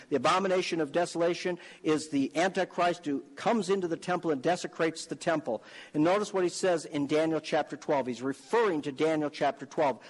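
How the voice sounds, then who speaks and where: A man preaching a sermon with a high, ringing voice that climbs into fervent, emphatic calls. His words trail off into a long reverberating space, as if spoken in a large sanctuary. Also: fast talker. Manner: emphatic, rising to fervent exhortation.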